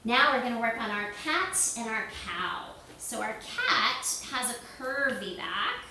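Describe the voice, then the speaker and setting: A woman leading a yoga lesson for children, giving slow, gentle, sing-song instructions. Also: on the high side, a little hiss or hum. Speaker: kids yoga teacher. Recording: echoey room, voice from far off.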